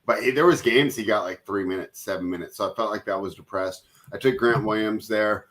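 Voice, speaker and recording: A man's voice: fairly low pitch, fairly quick, fairly bright tone, poor audio. A man hosting a casual sports betting chat, joking and calling himself a hater. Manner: joking, self-described hater. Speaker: host.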